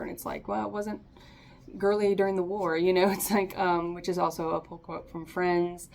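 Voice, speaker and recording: A woman's voice: on the low side, flat delivery, moderate pace, gravelly, a little mellow, slight background noise. Chatty woman giving a tarot reading. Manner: chatty, laughs often, encouraging. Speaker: tarot reader. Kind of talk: casual tarot reading to camera.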